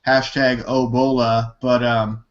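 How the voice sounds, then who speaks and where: A man's voice: medium pitch, flat delivery, slow pace. A man hosting a live talk show in a laid-back, hesitant way with many fillers, heard over lo-fi call audio. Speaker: show host.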